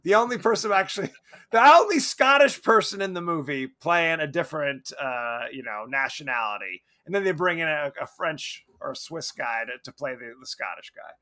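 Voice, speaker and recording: Lively high-voiced man joking about films. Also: normal speed. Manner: animated, jokey, slips into quoted voices. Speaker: podcast co-host. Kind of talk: casual movie chat.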